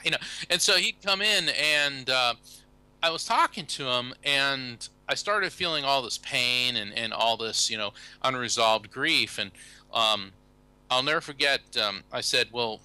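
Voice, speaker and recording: American man, bright and forceful, a storytelling guest with an animated, self-amused delivery. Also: mid-range voice, normal speed, clear, resonant tone, no room sound, low-quality recording. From USA. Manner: anecdotal, animated, acts out quoted people, self-amused. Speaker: guest, psychic medium and lawyer. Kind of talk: casual storytelling interview.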